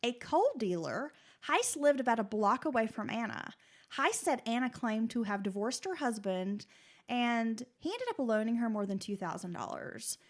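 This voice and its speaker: A woman's voice: fairly high pitch, lively intonation, moderate pace. A woman co-hosting a true crime podcast, reading her script steadily and breaking into casual, chatty asides. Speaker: podcast co-host.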